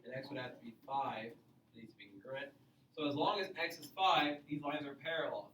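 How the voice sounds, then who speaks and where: A man's voice: mid-range voice, a little fast, fairly bright tone. Male teacher explaining in an echoey classroom. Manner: explains patiently, repeats key points with "okay?". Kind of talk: classroom geometry lesson. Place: classroom with students. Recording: echoey classroom, mic far off, faint noise.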